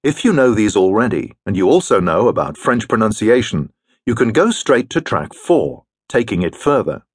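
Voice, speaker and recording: A man narrating a scripted audio language course in a studio, announcing sections in a measured way. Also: on the low side, big pitch swings, husky, no room sound.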